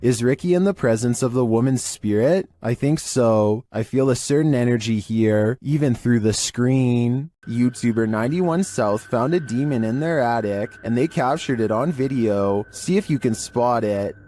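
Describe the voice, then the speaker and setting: A man narrating a countdown of creepy internet videos in a calm, monotone scripted voice. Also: mid-range voice, moderate pace, hardly any pauses, slight background noise.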